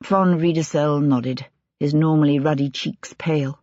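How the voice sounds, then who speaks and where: An audiobook narrator telling the story in a measured, even way. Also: medium pitch, dry recording. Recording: dull, dry lo-fi recording.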